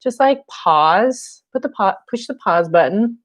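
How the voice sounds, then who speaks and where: Chatty, slow-talking woman painting teacher. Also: mid-range voice, animated. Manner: chatty and jokey, laughs often. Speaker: paint night instructor. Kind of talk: casual live-stream painting lesson.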